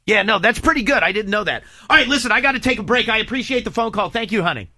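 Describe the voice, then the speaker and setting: Lively, bright-voiced male radio host. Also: sits high, fast. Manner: playful, teasing, argumentative. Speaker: radio morning show host. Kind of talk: jokey morning radio banter. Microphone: studio mic.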